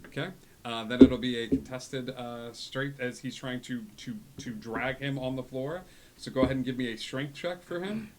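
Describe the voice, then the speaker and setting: A man running a tabletop game as game master, speaking in a relaxed way with many fillers. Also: medium pitch, moderate pace, slight background noise. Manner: relaxed, frequent filler words.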